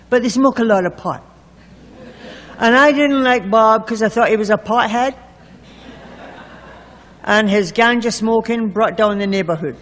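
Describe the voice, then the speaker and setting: A woman telling her recovery story to a group, candid and wry, with self-mocking humor. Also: mid-range voice. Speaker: recovering alcoholic sharing at a meeting. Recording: echoey meeting hall recording.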